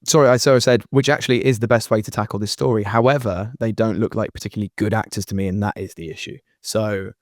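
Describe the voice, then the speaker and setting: A man's voice: on the low side, fairly even intonation, fast, few pauses, dry recording, studio quality. A man co-hosting a podcast in casual chat, earnest and rambling as he works through his thoughts. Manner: earnest, rambling, many fillers and restarts. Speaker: podcast co-host. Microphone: podcast mic.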